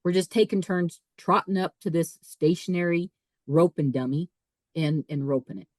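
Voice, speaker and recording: A woman, a podcast guest, telling a personal story in a lively way, often repeating and restarting her words. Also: lowish voice, normal speed, dry recording, poor audio. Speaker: podcast guest, author and speaker. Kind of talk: casual storytelling.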